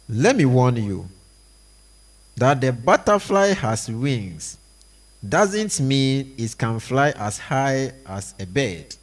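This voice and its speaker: A man reading a stage play aloud, voicing every part and the stage directions in a slow, deliberate way. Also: mid-range voice, sing-song.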